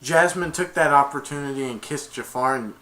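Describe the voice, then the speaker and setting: A man's voice: medium pitch, fairly quick, a bit bright. A man retelling a movie plot in a casual, rambling way, stringing events with "and then". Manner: rambling, many "and then" restarts. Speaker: movie reviewer.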